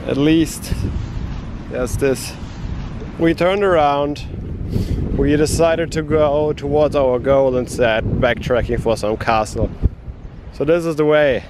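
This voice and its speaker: A man talking in a monotone, feeling unwell, narrating a casual travel vlog outdoors on a coastal trail. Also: a little high, slow, pauses often. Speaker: travel vlogger. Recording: outdoor noise behind the voice.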